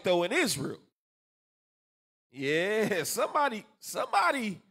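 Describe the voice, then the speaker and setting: This is a man teaching scripture to a congregation, his voice set high for a man and swinging widely up and down. He speaks, loose and colloquial. He keeps doubling his words to drive a point home. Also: slightly rough. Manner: animated, colloquial, repeats words for emphasis. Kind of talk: preaching scripture class.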